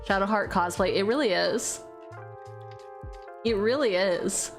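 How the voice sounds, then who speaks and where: Woman streamer, mid-pitch voice, playful and self-mocking, cursing casually, faint music underneath. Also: unhurried. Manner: playful, self-mocking, swears freely, jumps between jokes and reading. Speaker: streamer opening card packs. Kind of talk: casual live-stream chatter, reading card text aloud.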